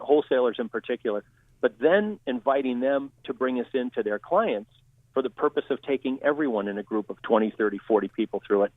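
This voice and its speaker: Guy explaining stuff calmly as a podcast guest, sounds like he's on a phone line, mid-pitched. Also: dry recording. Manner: steady, explanatory teaching tone. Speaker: guest communication trainer. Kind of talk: interview answers. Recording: tinny phone-line audio.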